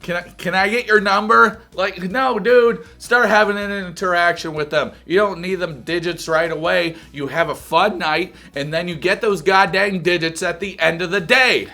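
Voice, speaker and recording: Brief: bright, high-voiced male reviewer with crude humor. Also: normal speed, hardly any pauses. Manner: crude, profane and joking. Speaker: reality TV reviewer. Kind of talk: comedic reaction commentary.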